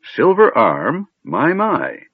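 A man's voice: on the high side, wildly swooping pitch, very slow, slightly rough, no room sound, pitched above the performer's own voice, full character voice. A man voicing a befuddled old male wizard, stern yet doddering, who swings from stern to absent-minded chatter. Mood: cheery. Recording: narrow phone-like sound.

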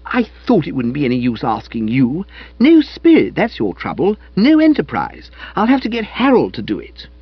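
A man voicing a spirited, bossy young woman with a sharp, teasing manner. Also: on the high side, huge pitch swings, moderate pace, husky, dry recording, muffled recording, exaggerated voice. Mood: sulky.

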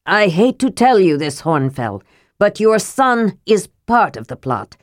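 A woman voicing a scheming male dwarf ruler who speaks smoothly and sneers his accusations. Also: mid-range voice, very animated, a little slow, dry recording, studio quality. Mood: sly.

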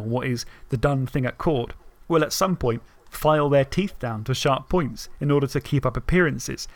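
A man's voice: medium pitch, no echo. A man co-hosting a podcast, chatting eagerly about a fantasy novel, reading lines aloud and often restarting his sentences. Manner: enthusiastic, reads passages aloud, restarts often. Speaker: podcast co-host. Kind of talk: casual book discussion.

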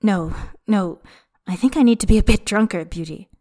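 A woman's voice: mid-range voice, normal speed, dark tone, lightly acted. A woman voicing a young male snake spirit, drunk, wry and self-pitying. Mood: drunken rant.

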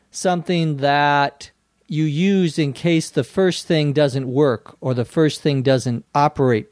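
A man with a fairly high pitch and a darkish tone speaks with a Minnesota accent in a clean studio recording with no room sound. He's an English teacher hosting a lesson podcast, patiently explaining words and spelling them out.

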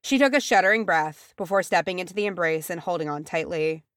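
A woman's voice: fairly low pitch, expressive, brisk, a bit bright, dry recording, clean studio sound. A woman reading a fan fiction chapter aloud as an audiobook, shifting her voice for the characters. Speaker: audiobook reader.

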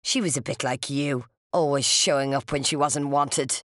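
A reader doing a resentful older woman in an audiobook, low and quiet with a simmering menace that breaks into hisses and furious shouting. Her pitch sits mid-range, and the recording is dry and close with no room sound. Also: steady tone, moderate pace, no echo, lightly acted. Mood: bitter spite. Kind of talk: audiobook character voice.

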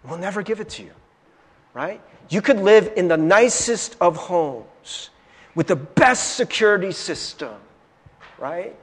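A male preacher whose fairly high voice rises and falls a great deal. He drops to near-whispers and then climbs back up, often stammering as he restarts. A long reverb trails each phrase. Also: a little slow, husky. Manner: animated, swings from loud to hushed, many stammered restarts. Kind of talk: sermon.

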